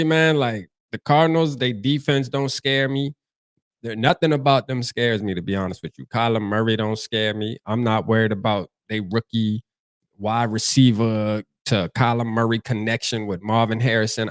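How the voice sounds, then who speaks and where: A young man with a Charleston, South Carolina accent hosts a casual livestream, talking in a loose, slangy and repetitive way. He reads chat comments aloud as he goes. His voice is close and dry, with a middle pitch for a man. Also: no room sound. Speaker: livestream host.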